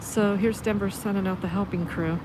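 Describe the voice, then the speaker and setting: A woman livestreaming on a city street from a phone, giving sarcastic commentary on police and at times shouting at them. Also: medium pitch, fairly even intonation, moderate pace. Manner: sarcastic, turns to loud shouting at officers. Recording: street recording with traffic noise.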